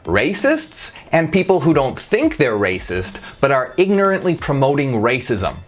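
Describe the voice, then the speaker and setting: A woman's voice: rumbling low, huge pitch swings, moderate pace, soft background music. A woman hosting her channel, giving a blunt, emphatic persuasive monologue to camera. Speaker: channel host.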